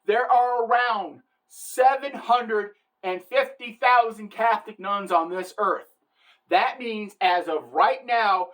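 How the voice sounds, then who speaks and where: A woman's voice: fairly high pitch, fairly bright tone. Irreverent wisecracking woman comedian. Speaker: comedic satirist. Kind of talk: satirical comedy monologue.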